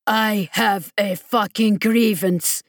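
A woman's voice: mid-range voice, steady tone, takes it slowly, no echo, clean studio sound. A woman narrator voicing an armoured male enforcer who threatens with swearing and mock politeness. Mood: menacing.

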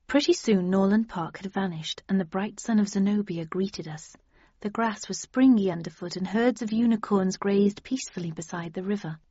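A woman reading an audiobook in a measured, even storytelling manner. The recording is dry and slightly dull. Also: mid-range voice, no echo. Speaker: audiobook narrator. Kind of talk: scripted audiobook narration.

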